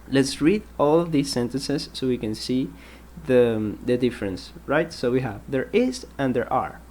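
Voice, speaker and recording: A man teaching an English grammar lesson, patient and explanatory, repeating example sentences and pausing with ums. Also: mid-range voice, lively intonation, a little mellow, slight background noise.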